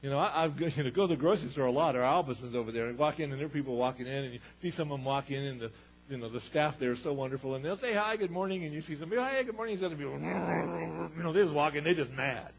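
A man preaching to his congregation in an easy, conversational way, often asking rhetorical questions. His voice sits a little high and is husky. The church recording sounds muffled and dull. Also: rapid-fire. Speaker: pastor. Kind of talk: sermon.

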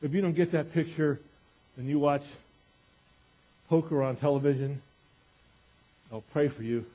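A man preaching a sermon in an animated, conversational way, acting out quotes as he goes. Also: a little high, unhurried. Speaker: pastor. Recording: dull lo-fi recording.

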